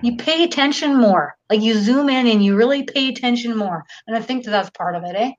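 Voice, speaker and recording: A woman's voice: fairly high pitch, a little fast, highs cut off. A Canadian woman hosting a live channeling session, reading viewer questions aloud in a casual, unfiltered way. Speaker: host.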